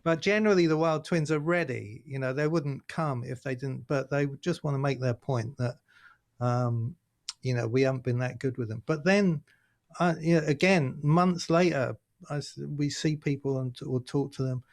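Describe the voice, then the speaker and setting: Animated Englishman telling stories. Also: mid-range voice, moderate pace. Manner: animated storytelling, acts out voices of others. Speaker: guest. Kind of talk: casual interview chat. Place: video call.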